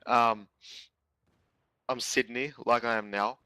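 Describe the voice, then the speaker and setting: A man's voice: medium pitch, steady tone, takes it slowly, pushed and bright, smooth, no echo, low-quality recording. A laid-back young man chatting casually with friends and swearing often. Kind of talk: casual chat.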